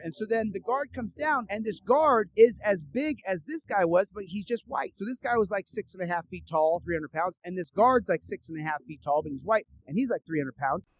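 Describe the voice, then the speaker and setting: A man telling a story in a casual, animated way, acting out the dialogue. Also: high-pitched, normal speed, hardly any pauses, dry recording, rough recording. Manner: animated, acts out dialogue with rising urgency.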